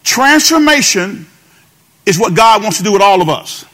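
A man's voice: high voice, sing-song, normal speed, pushed and bright. A male pastor preaching a sermon, calling out to the congregation and repeating phrases with a sing-song lilt.

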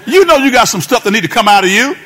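A man's voice: extremely high pitch, lively intonation, fast talker, a bit bright. A male pastor preaching a sermon, calling out to the congregation and repeating phrases with a sing-song lilt.

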